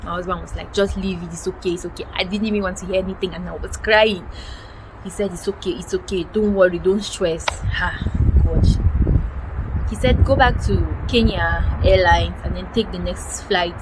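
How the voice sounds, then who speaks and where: A woman's voice: fairly low pitch, steady tone, moderate pace. A young woman from Cameroon animatedly retelling a personal story, acting out quoted dialogue with frequent exclamations. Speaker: vlogger. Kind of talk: storytelling vlog. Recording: noticeable background noise.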